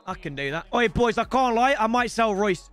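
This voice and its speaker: A young man streaming a football game, loud and excitable, breaking into shouts. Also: high voice, moderate pace, smooth. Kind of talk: excitable gaming livestream.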